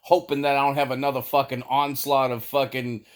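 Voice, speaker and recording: Casual guy, young, medium pitch, swears a lot and laughs through his own story. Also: brisk. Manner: profane, animated, laughs mid-sentence. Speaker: storyteller vlogger.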